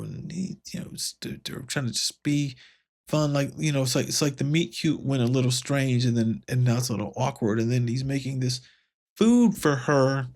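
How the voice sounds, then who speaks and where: Man host talking through a comic, gravelly, mid-pitched, loose and rambling. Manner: rambling, many fillers and restarts; paraphrases dialogue in a lightly raised voice. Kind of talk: casual comic book review.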